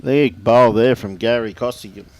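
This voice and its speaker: A man's voice: medium pitch, normal speed. A man with an Australian accent co-commentating lawn bowls, easygoing and jokey, forever calling his partner mate. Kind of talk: live sports commentary.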